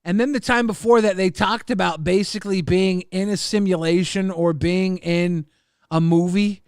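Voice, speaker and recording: A man hosting a livestream, casually reading viewer messages and rambling with plenty of swearing in a deadpan way. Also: high voice, moderate pace, smooth, no room sound, studio quality. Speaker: stream host.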